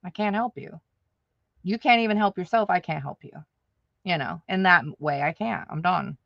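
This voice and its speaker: Her voice is fairly low and gravelly at a moderate pace, recorded muffled with no room sound. She's a woman hosting an audio-only livestream, chatting casually with her viewers and laughing a lot.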